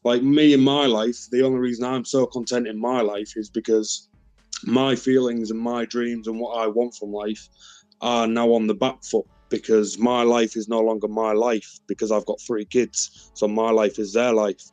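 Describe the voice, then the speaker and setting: A man's voice: mid-range voice, flat delivery, normal speed, darkish tone, no room sound, faint music behind. A man with a British accent chatting casually in a group voice chat, laid-back and saying "mate" often. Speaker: voice chat participant.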